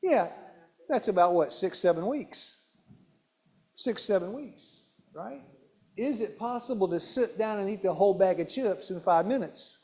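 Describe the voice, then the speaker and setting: Slightly slow and warm, a high-pitched, animated man presents a health seminar on nutrition in a church hall. He quizzes the listeners, repeats key words, and often starts his sentences over.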